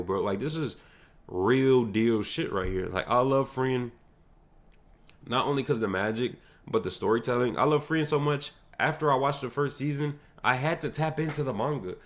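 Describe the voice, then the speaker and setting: A young American man hosting a solo livestream podcast, talking casually in slangy, hyped, rambling bursts. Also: fairly low pitch. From United States.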